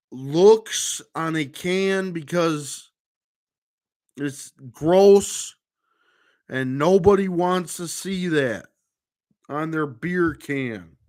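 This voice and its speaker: A man's voice: fairly high pitch, darkish tone. A man vlogger talking in a rambling monologue to camera, full of restarts and trailing fillers.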